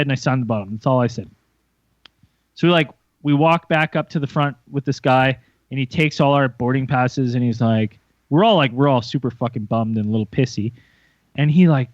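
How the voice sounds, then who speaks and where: A young man co-hosting a podcast, telling a story in a lively, profane way and acting out the voices of others. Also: fairly high pitch, dry recording. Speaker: podcast co-host. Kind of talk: casual storytelling chat. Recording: muffled lo-fi sound.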